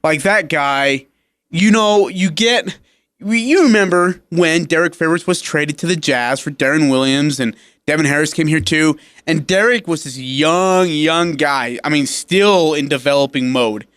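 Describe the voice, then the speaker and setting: A man's voice: fairly high pitch, measured pace, fairly bright tone, no echo. A man co-hosting a sports radio show, talking casually with emphatic, opinionated energy.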